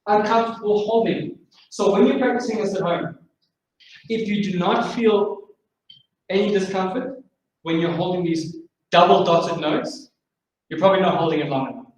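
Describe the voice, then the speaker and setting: High-voiced man teaching in an echoey room. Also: normal speed, far from the mic. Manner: explains and counts rhythms aloud. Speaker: drumming instructor. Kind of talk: masterclass lecture.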